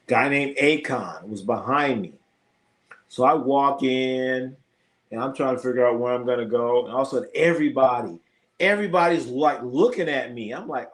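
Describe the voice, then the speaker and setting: This middle-aged man runs a live sports stream, talking casually to his viewers and recounting animated stories peppered with swearing. His mid-range voice moves at a moderate pace.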